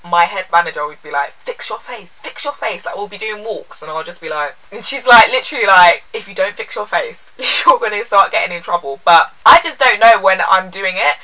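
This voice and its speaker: A woman's voice: lowish voice, bright, forceful tone, recorded from a distance, rough recording. A young woman, chatting candidly and playfully as she answers viewer questions in a vlog. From England. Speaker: lifestyle vlogger. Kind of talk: casual Q&A vlog.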